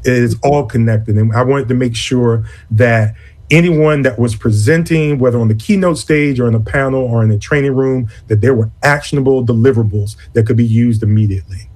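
A man who directs an advocacy conference, talking in an interview in a deliberate, earnest way and often restarting his phrases. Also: medium pitch, darkish tone. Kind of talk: interview conversation.

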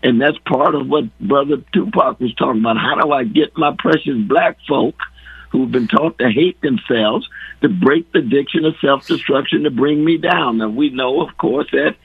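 A hoarse man speaking as a radio guest in an impassioned, preacherly way, slowing down to stress his points. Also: medium pitch, dry recording. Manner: preacherly, slows down for emphasis. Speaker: guest commentator. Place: indoors. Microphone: phone line. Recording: tinny phone line.

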